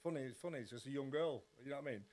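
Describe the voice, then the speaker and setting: A man's voice: mid-range voice, very fast, a little mellow. A man chatting as a podcast guest, rambling and swearing freely. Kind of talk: casual chat.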